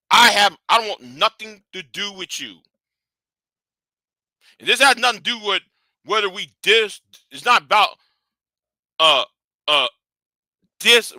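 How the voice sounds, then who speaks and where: A man hosting a livestream, scolding and animated in a profane rant that swings from shouting to hushed. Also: high-pitched, dry recording. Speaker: livestream host.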